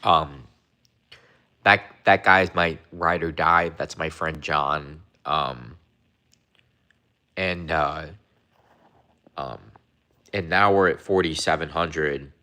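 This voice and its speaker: A man's voice: a bass voice, takes it slowly, pauses often, pushed and bright. A young man hosting a casual livestream, rambling and repeating himself as he talks to chat, sometimes mocking viewers. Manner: mocking, confrontational toward viewers. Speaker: livestream host.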